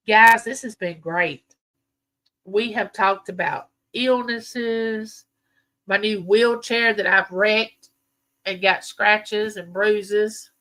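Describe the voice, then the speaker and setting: Bright-voiced chatty Southern woman. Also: mid-range voice. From American South. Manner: chatty, rambling storyteller. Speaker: livestream host. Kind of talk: casual live chat with viewers.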